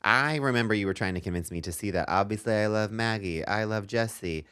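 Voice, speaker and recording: A man with a low, smooth, resonant voice co-hosts a comedic podcast. He tells a story in a rambling, self-mocking way, full of ums and asides. The close mic sounds dry and intimate. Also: brisk, a bit bright, dry recording. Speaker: podcast co-host.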